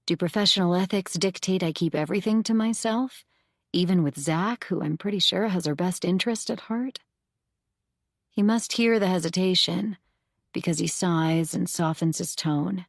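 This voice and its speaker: A woman narrating a first-person thriller audiobook in a measured, intimate way, close to the mic. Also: on the low side, dry recording.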